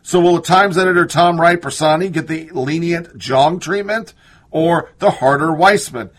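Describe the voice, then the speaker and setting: A man with a slightly high, husky voice reads news pieces aloud as a political commentator. He cuts in with sarcastic asides and scoffs at what he reads, his voice drifting off the mic now and then. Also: moderate pace, fairly bright tone.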